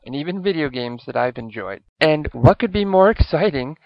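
Segment presenter, man, higher voice, formal script, dry muffled recording. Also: animated, moderate pace, creaky, dry recording. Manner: formal, announcer-like delivery. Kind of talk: scripted review intro.

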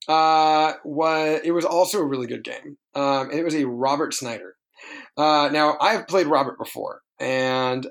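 A man's voice: on the high side, vocal fry. A man co-hosting a podcast, recounting a tabletop wargame in a rambling, self-correcting way. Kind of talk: casual podcast chat.

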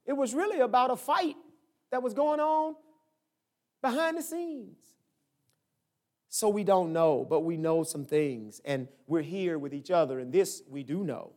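High-voiced pastor preaching in a conversational way. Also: male voice. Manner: conversational preaching, swings from soft to loud and high. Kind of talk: sermon.

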